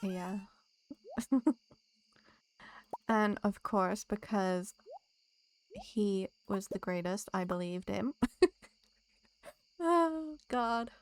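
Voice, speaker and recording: Slow-talking playful woman streamer. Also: mid-range voice, a little hiss or hum. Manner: playful, teasing banter, laughs often. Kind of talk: casual chat with live viewers while gaming.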